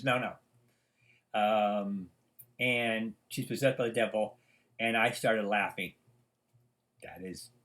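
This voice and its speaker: Older man telling stories in a lecture. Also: medium pitch. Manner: rambling storyteller with many fillers. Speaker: professor. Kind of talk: recorded lecture with anecdotes.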